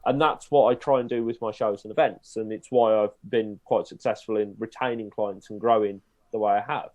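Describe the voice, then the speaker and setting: A man's voice: lowish voice, steady tone, fairly quick, a little mellow, muffled recording. A man from the Black Country with a Black Country accent, a podcast guest and event presenter who tells stories in casual chat and acts out other people's voices. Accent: Black Country English. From Black Country, England.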